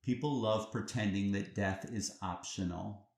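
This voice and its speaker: A man's voice: fairly low pitch, unhurried, gravelly. A man hosting a reflective solo podcast, talking earnestly and conversationally, often restarting phrases and asking the listener rhetorical questions. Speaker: podcast host. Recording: roomy echo.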